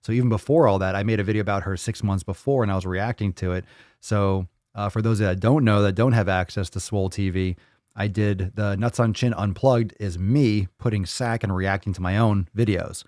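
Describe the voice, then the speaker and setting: A man with a fairly low voice hosts a casual live stream and chats with his viewers. He jokes loosely and swears freely as he reads their comments. His voice sounds dry and close, with little room sound. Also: fairly quick, darkish tone, no room sound. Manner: loose, profane and joking, reading chat aloud.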